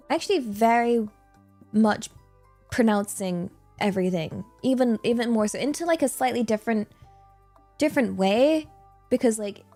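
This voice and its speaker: A woman chats loosely with her stream, her voice sitting a little high as she wanders between thoughts, filling gaps with ums and quick giggles. Faint music plays underneath. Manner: rambling, giggly, many fillers. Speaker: VTuber streamer. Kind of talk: casual livestream Q&A chat.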